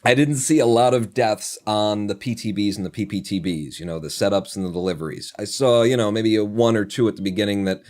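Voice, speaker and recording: Chatty low-voiced male commentator. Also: steady tone, fairly quick, few pauses, a little mellow. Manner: chatty, laughs often, many fillers. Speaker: tournament commentator. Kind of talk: live esports commentary.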